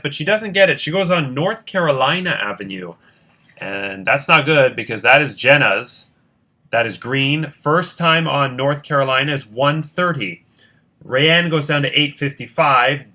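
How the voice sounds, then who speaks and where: A man's voice: a little high, bright, forceful tone. A man hosting a board game competition, counting squares aloud and checking his sums in casual play-by-play. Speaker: host running a Monopoly-style competition.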